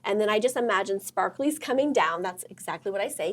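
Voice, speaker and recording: A middle-aged woman hosting a motivational workshop talk, chatty and excitable with lots of fillers and a husky voice. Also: medium pitch, fairly quick, hardly any pauses. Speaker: host and counselor.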